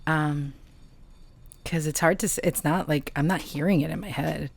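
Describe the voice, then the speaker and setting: A woman giving a tarot reading, talking softly and emotionally, with halting pauses. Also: low-pitched, fairly even intonation, creaky, slight background noise. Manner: slow, soft, emotional and halting. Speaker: tarot reader and channeler.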